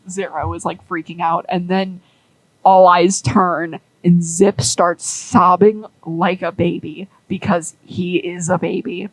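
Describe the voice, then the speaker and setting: A woman's voice: on the low side, little pitch movement, slow, no echo, low-quality recording. Young woman rambling thru a fan story, lots of "like", dry close mic. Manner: rambling, filler-heavy, amused. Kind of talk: casual storytelling monologue.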